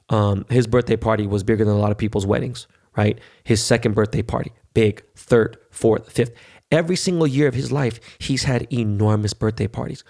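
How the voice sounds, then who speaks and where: A man's voice: medium pitch, vocal fry, darkish tone. A man, hosting a podcast and telling a loose, profane, talkative story in casual monologue. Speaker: podcast host.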